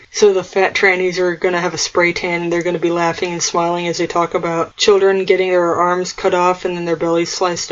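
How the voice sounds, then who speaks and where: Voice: mid-range voice, highs cut off. A vlogger delivering a solo monologue rant in a scornful, mocking, conspiratorial manner.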